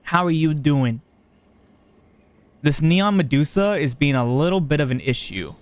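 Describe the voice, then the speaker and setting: A man's voice: a little high, lively intonation, a little slow. A man streaming a park-building game, casually thinking aloud and chatting with viewers in a playful way. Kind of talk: casual livestream chat while building.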